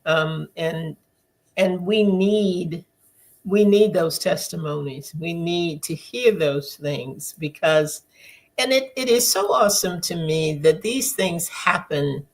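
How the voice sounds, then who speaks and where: A woman host speaking slowly and thoughtfully, repeating words as she thinks. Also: lowish voice. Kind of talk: reflective conversation.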